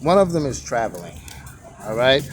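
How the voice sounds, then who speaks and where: A man's voice: medium pitch, very animated, normal speed, a little hiss or hum. A man running a sidewalk tea stand, casually teaching characters in a rambling vlog and counting strokes aloud. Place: outdoor sidewalk stand by a street.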